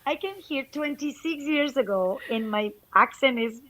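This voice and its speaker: A woman's voice: high-pitched, lively intonation, normal speed, a bit bright, low-quality recording. A woman from Mexico City with a Mexican Spanish accent, a singer-songwriter guest chatting expressively on a video call. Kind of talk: casual chat on a live stream.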